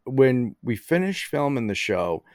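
A man's voice: mid-range voice, sing-song, measured pace, darkish tone, no room sound, clean studio sound. A middle-aged man telling stories in a casual chat, with lots of fillers like "you know". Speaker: guest. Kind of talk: casual storytelling.

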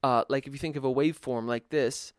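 A man's voice: mid-range voice, fairly even intonation, brisk, dry recording, clean studio sound. A man who produces music, answering viewer questions in a loose, chatty tutorial with many fillers and restarts. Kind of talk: casual tutorial Q&A.

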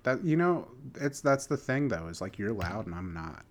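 A quiet, soft-spoken man co-hosting a casual podcast and reading out quiz hints. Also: lowish voice, very animated, moderate pace. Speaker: podcast co-host and quiz giver. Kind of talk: casual chat.

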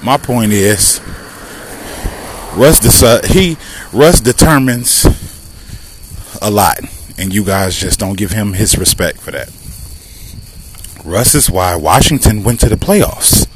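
A man with a Southern American accent rants through a casual podcast monologue, pitch jumping high when he gets worked up. He's outdoors on foot beside traffic, recording on his phone, with faint street noise and passing cars behind him. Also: animated, takes it slowly, pauses often. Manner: emphatic, repetitive, heated rhetorical questions. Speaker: podcast host. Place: outdoors walking near traffic.

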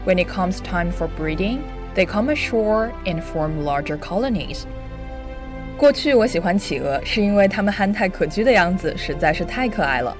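A woman hosting a bilingual English lesson, upbeat, drilling words slowly and carefully. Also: fairly low pitch, animated, music in the background. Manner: upbeat, switches between Chinese and English, slow careful pronunciation drills. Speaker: English teacher and host.

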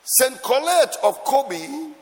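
A man preaching a sermon with emphatic repetition, swinging between soft asides and loud exclamations, at times half-singing his lines. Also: extremely high pitch, big pitch swings, slow, big-room sound. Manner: sometimes lapses into a sung cadence.

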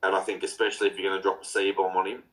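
A man's voice: low voice, monotone, very fast, a bit bright, low-quality recording. A man hosting a podcast, chatting in a blunt, laid-back way with swearing and banter. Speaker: podcast host. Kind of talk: casual podcast chat.

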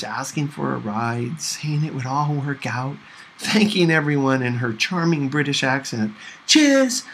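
Male reader, novel read aloud, mid-pitched voice, measured gentle pace, faint background noise. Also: poor audio. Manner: measured, gentle first-person narration. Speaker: audiobook reader for a class.

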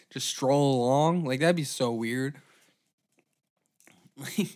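A man hosting a comedy podcast, rambling through a profane monologue with deadpan asides. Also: mid-range voice. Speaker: podcast host.

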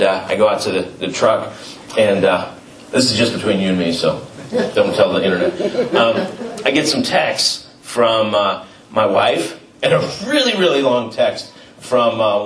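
A man's voice: on the low side, slight background noise. A middle-aged man preaching a sermon as pastor, in a conversational, storytelling way with asides and fillers. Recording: roomy, distant mic with faint ambience.

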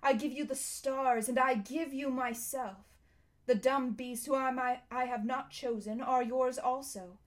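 Aslan, a slow and solemn lion king, read by a woman. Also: high-pitched, fairly even intonation. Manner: slow, solemn, measured delivery. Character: majestic male lion king, strong and kindly. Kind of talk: reading a storybook aloud.

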